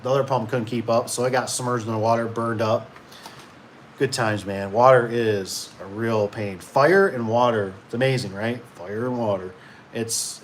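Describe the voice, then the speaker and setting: A man's voice: mid-range voice, slight background noise. Rambling, chatty young man. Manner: rambling, self-interrupting, animated when quoting people. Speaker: garage door business owner and stream host. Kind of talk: casual storytelling and reading chat on a live stream.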